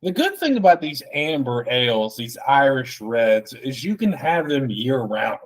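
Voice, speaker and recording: Tipsy male podcaster, ranting solo, swears freely, loose and jokey, average pitch. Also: very animated, measured pace. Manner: rambling, profane, jokey. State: tipsy from drinking beer. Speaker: podcast host. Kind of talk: solo casual podcast rant.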